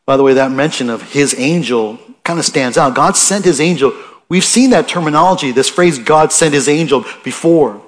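A man's voice: a little high, normal speed. A man preaching a sermon in a conversational way, asking his listeners questions and reading scripture aloud with rising emphasis. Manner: conversational, asks the listeners questions, restarts often.

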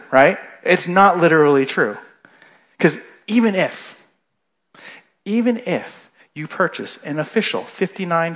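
Conversational male preacher, slightly high voice. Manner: conversational, keeps checking in with the listeners. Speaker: pastor. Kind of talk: sermon.

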